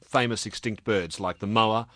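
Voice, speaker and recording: A man, interviewing a guest with curious, sometimes halting questions. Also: lowish voice, fairly even intonation, a bit bright, no echo, clean studio sound. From Australia. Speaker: radio interviewer. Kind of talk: casual interview talk.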